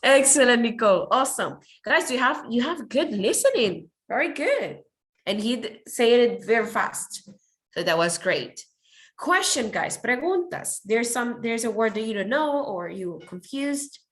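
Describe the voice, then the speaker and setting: A woman's voice: a little high, very animated, measured pace, fairly bright tone. Upbeat woman teaching English. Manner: encouraging, praises often, switches to Spanish. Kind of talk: online class teaching.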